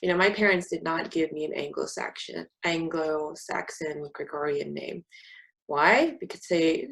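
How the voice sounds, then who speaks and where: A woman's voice: low-pitched, unhurried, creaky, a bit bright, low-quality recording. A young woman from California, talking candidly on a casual podcast with a sarcastic edge. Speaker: podcast co-host. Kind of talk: casual conversation.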